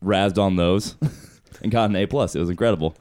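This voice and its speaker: Wry male co-host, low-pitched, dry close mic, casual jokes. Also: brisk, darkish tone, clear, resonant tone, no echo. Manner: joking, wry, swears freely. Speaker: podcast co-host. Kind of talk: casual chat.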